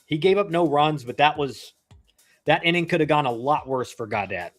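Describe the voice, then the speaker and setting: A man's voice: a little high, lively intonation, moderate pace, faint music behind. A man in his thirties, a former pro ballplayer, casually commenting on a live game, chatty and rambling with slangy asides. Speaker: livestream baseball commentator, former pro player.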